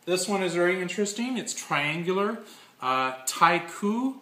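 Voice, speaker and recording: Bright-voiced man gushing over designs. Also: high-pitched, animated, moderate pace. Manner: chatty, gushing, with crude offhand asides. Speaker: design studio owner. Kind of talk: casual show-and-tell presentation. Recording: echoey room.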